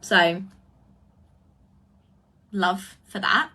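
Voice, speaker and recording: A woman acting as a spiritual coach, talking in a casual livestream and answering viewers' comments, with effusive, drawn-out exclamations. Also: mid-range voice, lively intonation, bright, forceful tone. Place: indoors, live video stream.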